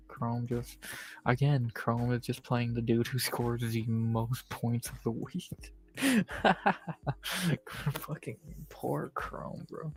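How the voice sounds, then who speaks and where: A man hosting a live stream, recapping his fantasy football league in a low, laid-back monotone with plenty of profanity. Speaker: stream host. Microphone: streaming setup, close mic.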